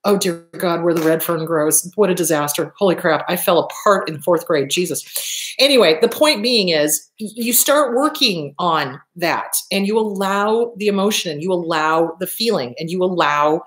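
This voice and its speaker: A middle-aged woman, a therapist, giving blunt, profane, expressive advice in a casual monologue. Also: fairly low pitch, normal speed. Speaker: therapist, show host. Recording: echoey room.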